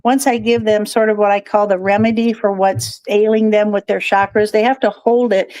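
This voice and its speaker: A woman's voice: mid-range voice, flat delivery, moderate pace, a little mellow, no room sound. Chatty woman guest, dry sound. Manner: chatty, digressive, laughs often. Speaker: guest, crystal shop owner. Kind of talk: casual interview chat.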